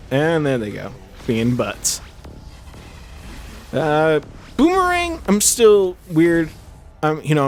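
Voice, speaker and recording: A young man who hosts a gaming channel chats casually over the game he's playing, rambling with lots of fillers and restarts in typical let's-play commentary. His voice is medium-pitched, and the recording has a little hiss or hum.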